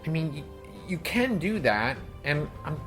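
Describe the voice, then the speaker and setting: A man's voice: on the high side, very animated, a little slow, fairly bright tone, soft background music. A man co-hosting a casual podcast who explains at length, with lots of "like" fillers. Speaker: podcast co-host and game master.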